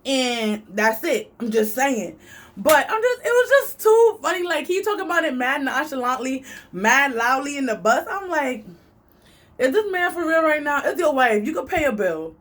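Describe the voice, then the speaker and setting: Animated New woman vlogging. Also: normal speed. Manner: animated and chatty, big swings in pitch. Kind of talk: casual storytelling vlog.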